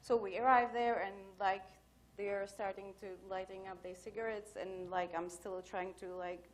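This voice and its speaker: Brief: woman speaker at a conference, mid pitch, casual storytelling, slight hiss of room ambience behind. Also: steady tone, normal speed. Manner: chatty, storytelling with many fillers. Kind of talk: anecdotal conference talk. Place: conference hall.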